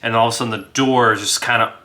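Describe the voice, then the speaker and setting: A man narrating a solo tabletop role-playing game in a relaxed way, rolling dice and chuckling as he goes. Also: mid-range voice, fast talker. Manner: relaxed, laughs, talks to himself about rolls. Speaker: game master and player.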